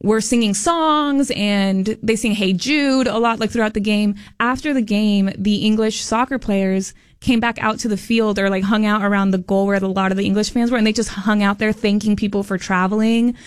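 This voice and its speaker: A woman's voice: mid-range voice, fairly even intonation, moderate pace, few pauses, smooth, no echo, clean studio sound. A woman co-hosting a morning radio show, telling a story in an upbeat, chatty way. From family from Mexico. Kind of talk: casual morning radio chat.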